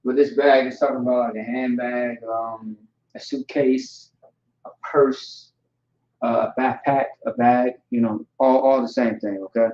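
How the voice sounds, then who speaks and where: A man teaching language runs an informal vocabulary lesson, repeating each word slowly several times and checking in with "all right" and "okay." His mid-pitched voice is level and darkish in tone, heard in an echoey room on a dull, lo-fi recording.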